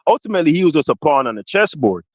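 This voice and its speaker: A man with a Jamaican accent, talking politics on a podcast with a slightly high voice. He asks long rambling questions, restarts his sentences and keeps checking in with "right?". The dry, dull, lo-fi sound carries him as he builds up heat. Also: sing-song, rapid-fire, no room sound. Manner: grows louder and more forceful when passionate. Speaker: podcast co-host. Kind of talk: heated political discussion.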